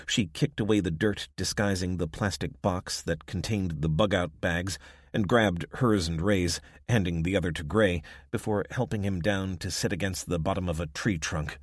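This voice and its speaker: A man narrating an audiobook in steady, even scripted storytelling. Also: sits low, normal speed, breathy edge, dry recording, clean studio sound.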